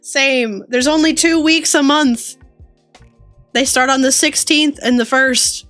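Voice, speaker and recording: A woman's voice: sits high, slow pace, fairly bright tone, no room sound, faint music behind. A woman streamer chatting casually with her viewers while drawing, giggly and teasing. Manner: giggly, playful, teasing banter.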